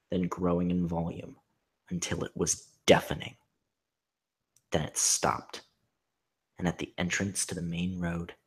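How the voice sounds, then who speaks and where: A husky man reading fan fiction aloud in hushed, half-whispered deadpan narration. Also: low-pitched. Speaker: reader.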